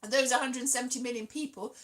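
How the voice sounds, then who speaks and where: A woman's voice: sits high, steady tone, fast, a bit bright. A young woman vlogging in a rambling, giggly, self-mocking way, dropping to mutters and jumping to squeals. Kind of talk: rambling casual vlog chat.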